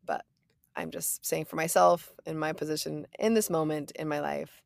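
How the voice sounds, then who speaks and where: Gravelly-voiced mom chatting playfully. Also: female voice, low-pitched, moderate pace, dry recording, clean studio sound. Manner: animated, playful, lots of fillers. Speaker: podcast co-host. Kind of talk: casual chat.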